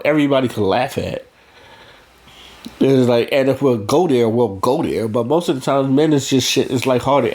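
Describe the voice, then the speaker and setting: A man's voice: mid-range voice, a little mellow. A man talking bluntly in a casual monologue, profane and rambling, restarting his sentences as he goes. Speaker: vlogger.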